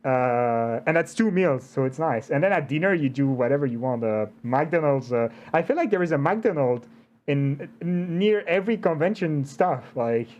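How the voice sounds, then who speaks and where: A man's voice: on the high side, animated, normal speed, a little mellow, highs cut off. Playful, chatty young man hosting. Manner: chatty, laughs often, playful. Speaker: interview host. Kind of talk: casual chat.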